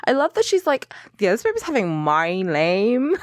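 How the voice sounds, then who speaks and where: A woman's voice: mid-range voice, wildly swooping pitch, normal speed, dry recording, clean studio sound. A woman co-hosting a podcast in casual chat, joking at her own expense and acting out characters. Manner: joking, self-deprecating, quoting characters. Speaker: podcast co-host.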